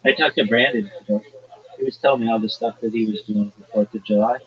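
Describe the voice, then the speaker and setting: A man's voice: fairly low pitch, brisk. A man hosting a livestream, chatting casually and telling rambling stories. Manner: rambling, animated storytelling. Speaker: livestream host. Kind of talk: casual chat. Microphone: livestream call audio. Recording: dull lo-fi livestream audio.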